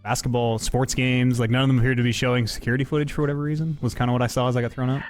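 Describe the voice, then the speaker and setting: Male player, mid-pitched, relaxed and plain in tabletop chat. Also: racing, soft background music. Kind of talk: casual tabletop game chat.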